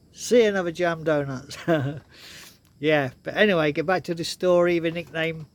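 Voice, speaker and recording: An older man tells stories to his viewers in a loose, rambling way, with frequent chuckles between lines. His voice sits slightly higher than most men's. He talks casually and comfortably to camera. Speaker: vlogger.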